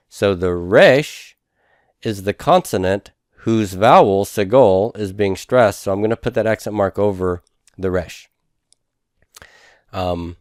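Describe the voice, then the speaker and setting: Methodical low-voiced male teacher, dry. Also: a little mellow, no room sound. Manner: methodical, repeats terms slowly for students. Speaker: Hebrew instructor. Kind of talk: recorded lecture over handouts.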